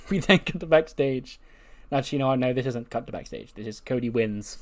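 A young gaming video host with a medium-pitched voice recaps a wrestling booking sim at a moderate pace. His commentary is casual, and he rambles, chuckles and corrects himself as he goes.

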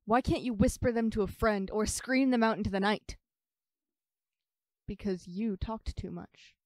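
A woman's voice: medium pitch, unhurried, no room sound, clean studio sound, natural voice. A woman actor playing a wistful, questioning woman's voice of memory in an experimental theater monologue. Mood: probing. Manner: questioning, shifting between soft and pressing. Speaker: stage actor.

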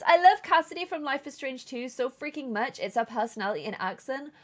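A woman's voice: high-pitched, expressive, a little fast, a bit bright. A woman from England, chatting casually with viewers on a live gameplay stream and reading chat aloud.

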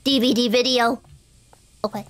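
A woman streaming a driving game, chatting to herself in an excitable, talkative way as she plays. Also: on the high side, normal speed, no echo. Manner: chatty, excitable, talks to herself while playing. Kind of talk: live game commentary.

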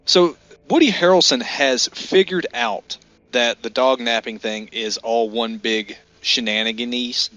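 A man's voice: mid-range voice, unhurried, pushed and bright, faint music behind, low-quality recording. A man co-hosting a casual movie podcast, retelling scenes with enthusiasm. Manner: enthusiastic storyteller, acts out lines. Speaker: podcast co-host. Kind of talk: casual movie review chat.

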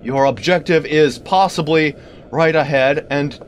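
A man giving let's-play commentary on a game, animated and talking back to the things on screen with sudden exclamations. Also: fairly high pitch, unhurried, slight background noise. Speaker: gaming video creator.

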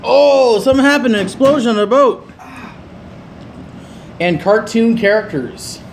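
A man's voice: extremely high pitch, expressive, a little slow, vocal fry, slight background noise. A young man hosting casual gameplay commentary, joking around and reading game lines aloud. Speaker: gaming channel host.

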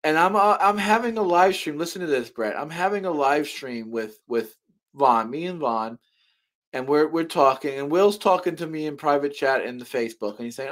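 A man's voice: a little high, moderate pace, a bit bright. Rambling, riled-up middle-aged man. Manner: rambling with many restarts, swears when angry. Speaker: show host. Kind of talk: heated casual chat. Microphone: webcam mic on a live stream.

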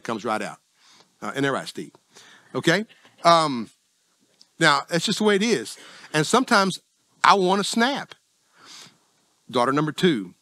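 A middle-aged man with a Southern US accent preaching a sermon in a folksy, self-deprecating, conversational way with sudden jumps in pitch. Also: a bit bright, no echo. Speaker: pastor.

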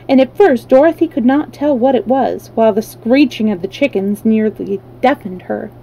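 A woman reading a children's storybook aloud in a steady, even way. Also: on the high side, rough recording.

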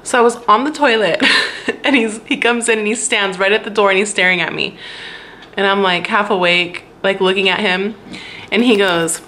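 A woman's voice: medium pitch, moderate pace, sharp tone, a little hiss or hum. A young woman vlogging in a casual, chatty way, often breaking into laughs. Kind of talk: casual chat.

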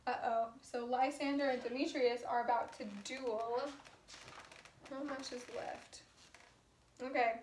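A woman's voice: high-pitched, fairly even intonation, measured pace, pauses often, background noise. A woman teacher reading a storybook aloud to children and explaining it in a patient, chatty way. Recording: echoey room.

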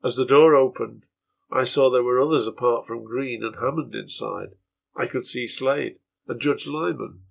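A man reading his own translation of a serialized novel aloud in a measured storytelling manner. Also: mid-range voice, creaky, breathy edge.

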